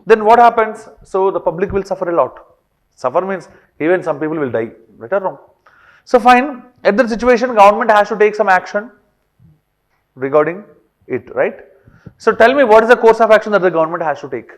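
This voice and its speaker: Male teacher with a high voice; lectures in a classroom, checking in with the class often. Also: expressive, brisk. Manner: frequent fillers and checks like "right or wrong?".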